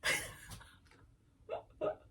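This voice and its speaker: A woman hosting a knitting podcast in a rambling, chatty way, with frequent laughs and animated asides. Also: very slow.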